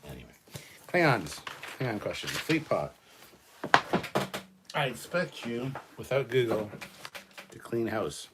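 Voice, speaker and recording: A man's voice: medium pitch, big pitch swings, slow, pauses often, noisy background. Tipsy man hosting a trivia livestream. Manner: loose, swearing, tipsy banter with chat. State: drinking, slightly drunk. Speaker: livestream host. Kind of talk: casual livestream trivia chat.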